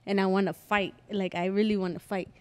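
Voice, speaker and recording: Young woman podcast host, casual, animated storyteller with salty language. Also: mid-range voice, brisk, smooth. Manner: animated storyteller who acts out quotes and swears freely. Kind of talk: casual chat.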